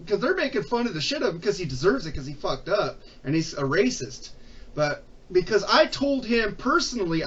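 A man's voice: high-pitched, a bit bright, far from the mic, dull audio. A man telling a story in casual chat, swearing often, heated and aggrieved. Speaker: podcast guest.

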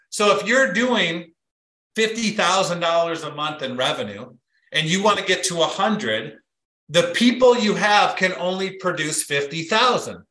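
A man's voice: high-pitched, a little slow, echoey room, poor audio. A middle-aged man giving a motivational business talk as guest speaker, telling stories and acting out the quotes in them. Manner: animated storyteller, acts out quotes.

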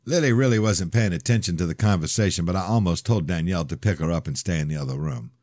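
A man reading his own novel aloud in measured first-person narration. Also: sits low, expressive, a little mellow, no echo, clean studio sound. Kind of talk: audiobook narration.

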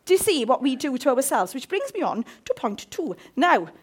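A woman's voice: sits high, sing-song, moderate pace, slightly rough. A woman in her fifties preaching a sermon, impassioned and jokey.

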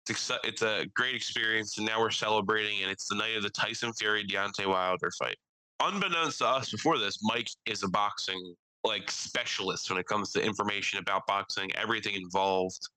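Podcast bro telling stories, bright sharp voice, swears a lot, cracks himself up. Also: male voice, fairly low pitch, moderate pace, no room sound, poor audio. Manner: profane, laughing, storytelling. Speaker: podcast host. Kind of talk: casual podcast chat.

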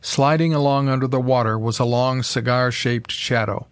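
An audiobook narrator, a man, reads a pulp adventure story as scripted narration in a steady, measured manner. His pitch is an ordinary middle, and the sound is close and dry, without any room or echo.

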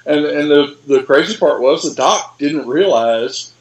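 A man's voice: on the high side, expressive, measured pace, poor audio. A man, a paramedic, telling a wry story casually and animatedly, full of fillers. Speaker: paramedic guest.

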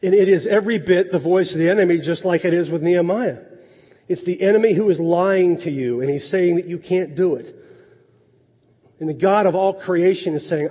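A man preaching a sermon in a conversational way, dropping low and soft to drive points home. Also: brisk. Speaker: pastor. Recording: echoey hall, dull lo-fi sound.

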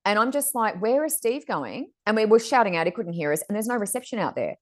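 A middle-aged woman co-hosting a podcast, telling stories in a chatty, animated way and acting out other people's lines. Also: medium pitch, fast talker. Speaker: podcast co-host. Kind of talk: casual storytelling chat.

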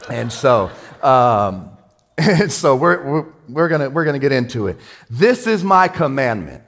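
A male pastor giving a sermon in a casual, excitable way, with everyday slang. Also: mid-range voice.

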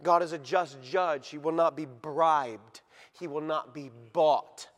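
Male pastor, high voice, sermon in a church with long hall reverb; drops to near-whispers, then builds to shouts. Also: takes it slowly, long pauses. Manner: dramatic swings from hushed to shouted.

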